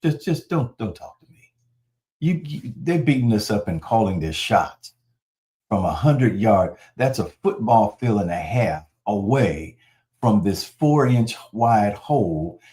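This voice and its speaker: Man preaching in a lowish voice. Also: unhurried. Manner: conversational, animated storytelling. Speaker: pastor. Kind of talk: sermon with storytelling.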